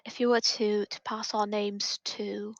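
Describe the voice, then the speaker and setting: A woman voicing a courteous, well-traveled female adventurer in a tabletop game, speaking formally with hesitant pauses. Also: medium pitch, little pitch movement, gravelly, no echo, low-quality recording. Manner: gracious, formal, hesitant phrasing.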